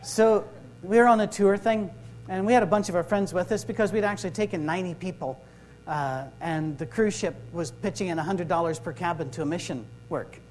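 A man's voice: high-pitched, a little fast, hardly any pauses, darkish tone, low-quality recording. Storytelling man preaching. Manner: storytelling, acts out dialogue, joking. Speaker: minister. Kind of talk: sermon-style workshop talk.

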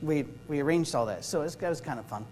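A man's voice: on the high side, expressive, quick pace, darkish tone, faint music behind, rough recording. A man, a minister giving a sermon-style workshop talk, telling stories, acting out the dialogue and joking. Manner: storytelling, acts out dialogue, joking.

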